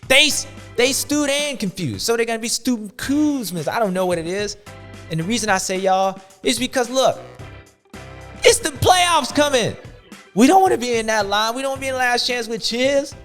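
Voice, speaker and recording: A man's voice: very high-pitched, expressive, moderate pace, faint music behind. A man hosting a show, giving playful, slangy, rambling sports commentary. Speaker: show host.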